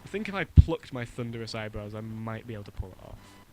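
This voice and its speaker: A man's voice: lowish voice, lively intonation, quick pace, dark tone, slight background noise, rough recording. A man from Germany co-hosting a casual podcast chat over a voice call, rambling with many fillers and restarts and laughing often. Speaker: podcast co-host.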